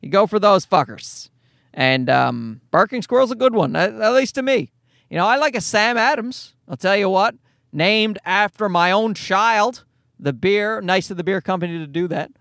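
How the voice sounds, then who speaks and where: Lively, profane young Canadian man ranting. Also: high voice, normal speed, creaky, no echo, clean studio sound. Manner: profane, rambling, self-mocking. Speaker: podcast host. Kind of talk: casual comedic rant. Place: parked car in a garage.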